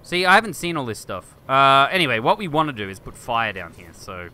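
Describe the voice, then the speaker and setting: Very bright, lively gaming commentator man. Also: mid-range voice, fairly quick, slight background noise. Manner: thinks aloud, excitable, chatters to game objects. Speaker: gaming video host. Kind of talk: let's play commentary.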